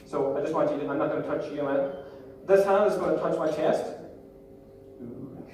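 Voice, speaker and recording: A man's voice: a little high, normal speed. A man in his thirties with a Northern Irish accent gives a playful, jokey seminar talk as a motivational speaker, directing the crowd. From Northern Ireland. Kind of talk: live seminar talk to an audience. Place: large echoey hall. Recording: echoey hall from far off with background noise.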